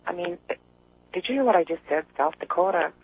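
A woman from East Tennessee calling into a radio show, chatty and rambling, quick to laugh. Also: fairly low pitch, animated, a little hiss or hum. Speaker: caller. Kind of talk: casual call-in chat. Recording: tinny phone line.

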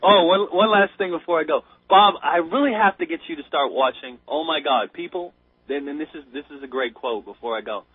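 An American man calling in to a talk show, telling a story with breathless excitement and tripping over his words. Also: on the high side, fairly quick, husky, no echo. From United States. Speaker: caller. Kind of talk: casual chat. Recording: tinny phone line.

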